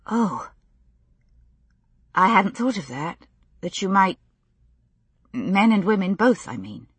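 A woman's voice: medium pitch, very animated, husky, dry recording, heavily acted. Woman voicing a blunt, earnest young woman. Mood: earnest, halting. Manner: earnest, halting, blurting.

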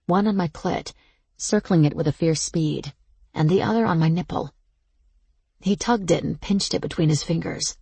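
A woman giving slow, intimate, first-person audiobook narration. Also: deep voice, creaky, a little mellow, slightly rough, no room sound.

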